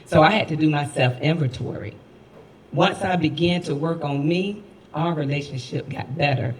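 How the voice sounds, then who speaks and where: Man on a panel, slightly high voice. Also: moderate pace, a little hiss or hum, rough recording. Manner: jovial, laughs while telling a story. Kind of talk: panel discussion.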